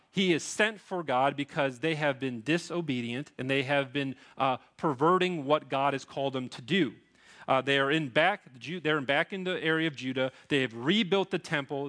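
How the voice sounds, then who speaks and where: A man's voice: mid-range voice, a bit bright. A man in his thirties preaching a sermon as pastor, earnest and pleading, with frequent restarts.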